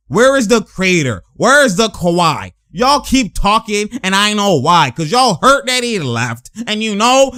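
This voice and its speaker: A man giving loud, laughing, slangy commentary as he reacts to game footage. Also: high-pitched, big pitch swings, a little slow, few pauses, smooth, dry recording, studio quality. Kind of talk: excited live reaction commentary.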